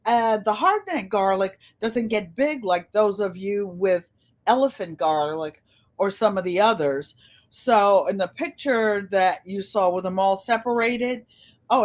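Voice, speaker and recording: A woman in her seventies with a Connecticut accent, chatting and telling stories to viewers on a live stream from a room at home. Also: mid-range voice. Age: 70s. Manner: chatty storyteller, addresses viewers as "you guys". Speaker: channel host. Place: indoor room with a large air conditioner. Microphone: computer.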